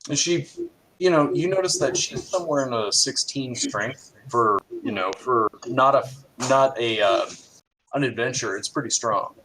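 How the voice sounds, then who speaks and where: A man's voice: medium pitch, normal speed, background noise. A man running a tabletop game as game master, narrating loosely with fillers.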